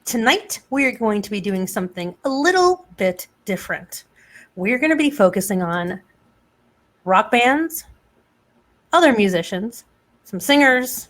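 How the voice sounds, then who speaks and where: A woman's voice: a little high, very animated, a little slow, long pauses, fairly bright tone. A woman hosting a casual chat show, joking around and quizzing her co-hosts with trivia. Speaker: podcast host.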